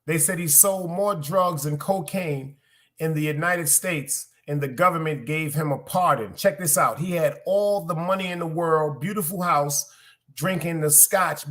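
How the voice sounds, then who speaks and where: A man's voice: on the high side, a bit bright. A man from Brooklyn with a Brooklyn accent, hosting a live podcast stream in casual, profane, rambling chat aimed straight at his viewers. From Brooklyn, New York.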